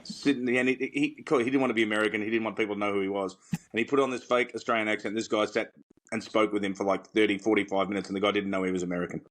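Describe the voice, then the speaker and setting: A man's voice: fairly low pitch, fairly even intonation, racing, a little hiss or hum. A man co-hosting a podcast, telling stories in casual chat with emphatic energy. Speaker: podcast co-host, former tour caddie.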